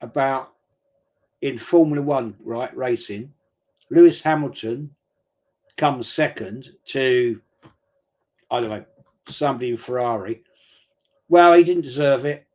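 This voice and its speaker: Brief: middle-aged man, mid-pitched, blokey slang, easygoing rambling storyteller hosting a match watch-along. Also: unhurried, pauses often, a little mellow. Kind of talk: casual live chat during a football match.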